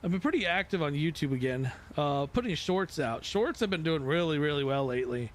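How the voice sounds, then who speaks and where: Man, flight sim streamer, casual rambling chat, self-mocking, slightly high voice. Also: animated, fairly quick.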